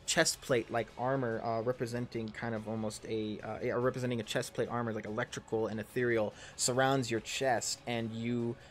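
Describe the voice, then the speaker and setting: In this clip, a man in his thirties with a mid-range voice speaks in a flat way at a moderate pace, barely pausing. He narrates a tabletop game as both game master and player, rambling with lots of ums and self-corrections and swearing casually.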